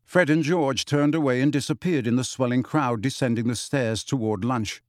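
A man reading a novel aloud as audiobook narrator in a measured storytelling manner. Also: medium pitch, dry recording, clean studio sound. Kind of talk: scripted narration.

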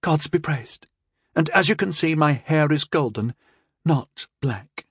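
A man's voice: fairly high pitch, animated, unhurried, fairly bright tone, husky, no echo, studio quality, pitched above the performer's own voice, heavily acted. A man voicing a stern young male knight mage who barks brusque military commands. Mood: gruff.

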